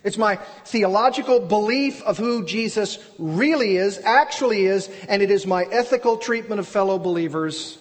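A man's voice: sits high, normal speed, hardly any pauses, big-room sound. A man preaching an expository sermon, earnest and emphatic, asking and answering his own questions. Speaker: pastor.

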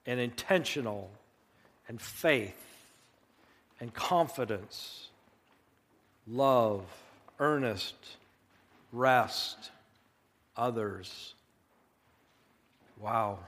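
A male pastor preaching a sermon in an earnest, emphatic way, slowing down to stress key phrases. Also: medium pitch, fairly bright tone, in a large hall.

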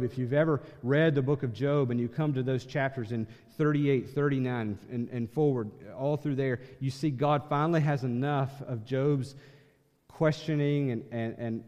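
A man preaching a sermon as pastor, emphatic, swinging from loud passages to hushed ones. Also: mid-range voice, long reverb tail.

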